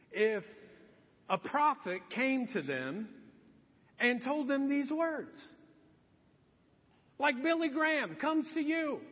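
A man preaching a sermon as pastor, telling the story with lively acted-out quotes. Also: very high-pitched. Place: church hall. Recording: dull, long hall reverb.

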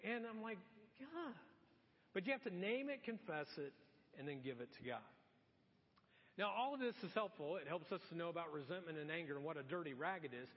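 Preaching in a church auditorium, a middle-aged pastor speaks fairly quickly in a husky, fairly high voice, animatedly acting out exasperated asides. The sound is dull and lo-fi, with long reverb from the hall.

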